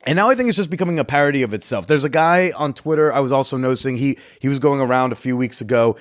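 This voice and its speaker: A man's voice: medium pitch, fast talker, no room sound, studio quality. A man hosting a podcast in a casual monologue, chatty and rambling, with jokey asides. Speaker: podcast host and comedian.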